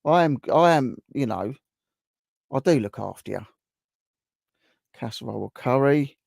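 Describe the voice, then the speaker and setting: A man hosts a relaxed live stream, answering viewers' comments one by one. His voice is gravelly and sits at an ordinary pitch. The sound is dry and close, with no room around it. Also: a little slow, no room sound. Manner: chatty, reacts to viewers' guesses. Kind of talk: casual chat reading out viewer comments.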